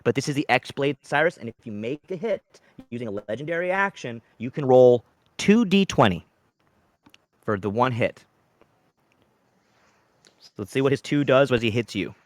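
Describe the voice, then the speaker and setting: A man running a tabletop game as game master, narrating dramatically with sudden loud outbursts. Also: mid-range voice, big pitch swings, normal speed, pauses often, no room sound.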